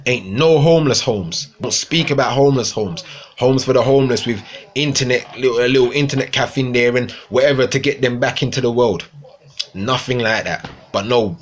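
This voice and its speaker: A young man ranting casually to viewers on a livestream, swearing often and repeating himself. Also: mid-range voice. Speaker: livestream host.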